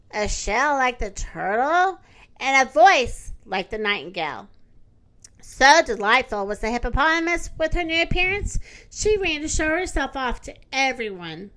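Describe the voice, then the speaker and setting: A woman reading a children's story aloud in a gentle, expressive manner. Her voice is high and bright. She takes her time, with lots of melody in each line.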